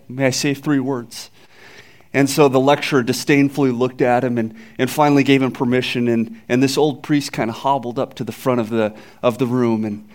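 A male pastor giving an Easter sermon, telling stories that build to raised peaks and joking with the congregation. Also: a little high. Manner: storytelling, builds to raised climaxes; jokes with the congregation.

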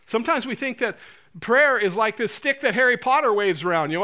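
A man preaching a sermon as pastor, animated and joking, acting out prayers in playful voices. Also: extremely high pitch, a little fast.

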